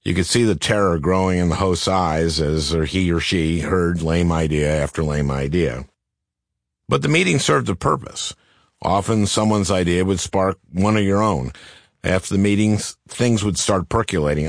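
An older man reading his own memoir aloud in a dry, deadpan comic manner. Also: deep voice, moderate pace, gravelly, no echo. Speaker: author narrating his memoir. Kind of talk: scripted memoir narration.

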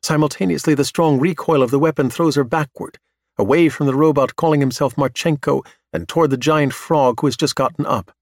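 A man narrating a science fiction audiobook in a steady, measured manner. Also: a little high, dry recording, studio quality. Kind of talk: scripted narration.

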